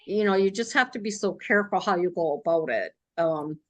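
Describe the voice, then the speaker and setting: A woman's voice: on the low side, a little fast, fairly bright tone. A woman interviewing a guest in casual conversation, sympathetic and a little hesitant, restarting her sentences.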